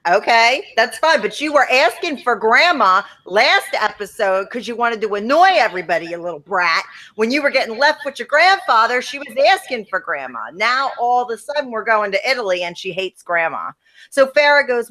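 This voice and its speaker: Bright-voiced blunt woman. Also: a little high, big pitch swings, moderate pace. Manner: blunt, exasperated, swears freely. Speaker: podcast co-host, former wrestler. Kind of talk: casual gossip chat.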